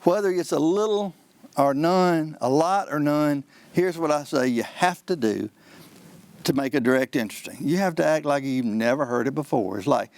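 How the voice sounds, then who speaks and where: A man, a trial lawyer explaining how trials work on a call-in show, in a folksy, animated way that acts out courtroom exchanges. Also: a little high, moderate pace, no room sound.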